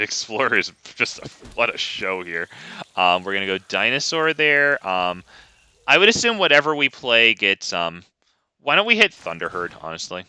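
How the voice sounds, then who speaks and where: A man's voice: on the low side, pushed and bright, clean tone. A young man giving casual, wry gameplay commentary with lots of ums, close to a desk mic.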